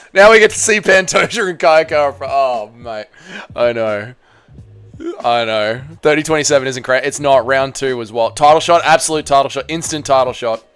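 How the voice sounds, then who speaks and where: A man hosting a live fight watch-along stream, commentating excitably and with heavy swearing, yelling at the big moments and then talking drained and emotional. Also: medium pitch, normal speed, clean tone, soft background music. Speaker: livestream host.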